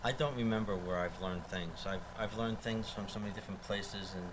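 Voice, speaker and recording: A man talking as a guest on a radio show, relaxed and easygoing, with frequent hesitant fillers. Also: fairly low pitch, brisk. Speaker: guest cook. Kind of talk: casual chat. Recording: live radio studio with steady noise.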